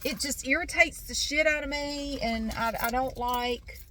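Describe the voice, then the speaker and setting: A woman's voice: high voice, unhurried, bright, forceful tone, a little hiss or hum. A woman vlogger in casual chat, rambling and irritated, with fillers and restarts, talking from a parked car outside a store.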